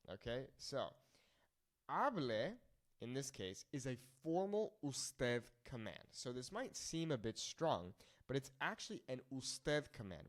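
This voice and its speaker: Young male language teacher, casual video lesson, animated delivery, mid pitch, slows down to model each phrase. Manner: lively, explains phrases slowly then repeats them. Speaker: Spanish teacher.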